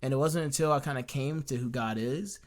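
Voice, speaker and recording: A man's voice: mid-range voice, a little fast. A young man co-hosting a casual faith podcast, telling his story earnestly and with animation, full of restarts. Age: young adult. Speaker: podcast co-host.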